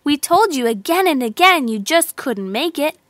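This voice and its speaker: A woman voicing a group of frogs who yell down and taunt the ones stuck in a hole. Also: sits high, very animated, normal speed, no echo, clean studio sound. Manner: taunting, scolding. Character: crowd of taunting frogs, discouraging and bossy.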